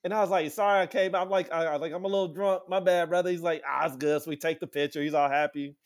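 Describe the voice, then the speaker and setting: A man with a slightly high voice tells a story in loose, profane podcast chat. He acts out other people's lines, jumping up into a much higher voice for the quotes. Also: fast talker. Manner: animated, acts out quotes with sudden high-pitched voices, swears freely.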